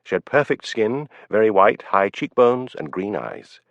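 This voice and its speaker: A man narrating an audiobook in a measured storytelling manner, in a dull, dry recording. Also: fairly low pitch, sing-song, fairly bright tone, no echo. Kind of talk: scripted narration.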